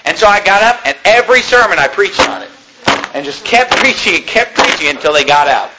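A man preaching a sermon as pastor, emphatic and fervent, rising to shouts at points. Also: high-pitched, big pitch swings, a little fast, background noise.

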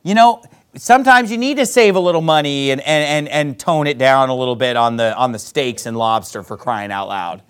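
A man's voice: a little fast, smooth. A man preaching a sermon, reading scripture aloud and mocking whiners with exaggerated voices. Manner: preaching with animated high outbursts and scripture reading. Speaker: pastor.

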